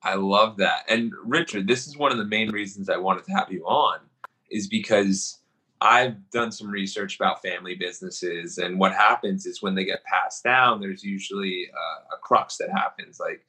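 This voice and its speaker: Bright, husky-voiced man hosting a podcast. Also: low-pitched, moderate pace, poor audio. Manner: upbeat, eager questioning. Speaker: podcast host. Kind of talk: casual interview.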